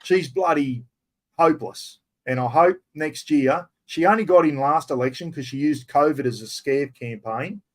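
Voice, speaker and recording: A man's voice: a little high, moderate pace. An older Australian man answering viewers' chat questions on a live stream, blunt and blokey, swearing casually and calling everyone mate.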